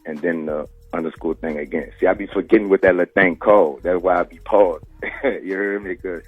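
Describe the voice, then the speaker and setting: A New Orleans podcast host with a deep, husky voice speaks a little fast with fairly even intonation, no room sound, and soft music behind. The audio is a tinny phone-line radio call, and his casual interview style is full of street slang and "you heard me."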